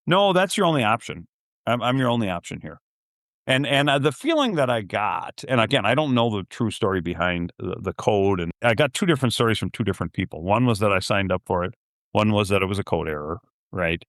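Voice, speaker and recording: A man's voice: fairly low pitch, animated, fast, fairly bright tone, no echo, studio quality. A middle-aged man on a podcast telling a story, acting out both sides of a phone call and laughing in disbelief. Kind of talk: casual storytelling.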